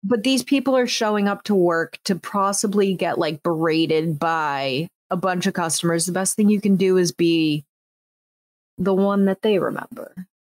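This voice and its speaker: Woman, 30s, podcast host; animated storyteller, slightly low voice, dry room. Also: normal speed, no echo. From United States. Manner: animated, acts out quotes, frequent "like" fillers. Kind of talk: casual storytelling chat.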